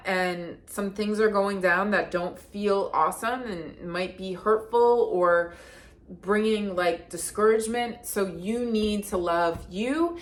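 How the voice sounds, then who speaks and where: With a fairly bright, mid-range voice, this woman, a card reader and the creator of the deck she uses, does an intuitive reading in a relaxed style. She's earnest and talkative, leans heavily on "like," and often starts over mid-thought.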